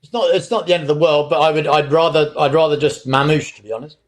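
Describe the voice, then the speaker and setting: Guy, bit high voice, careful hedging footy chat. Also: fairly even intonation, fast. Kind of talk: casual football chat.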